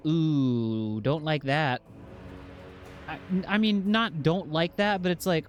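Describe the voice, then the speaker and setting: A man casually commentating his game playthrough, jokey and excitable, reading item scans aloud. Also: a little high, slow, soft background music. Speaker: game streamer. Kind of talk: casual let's-play commentary.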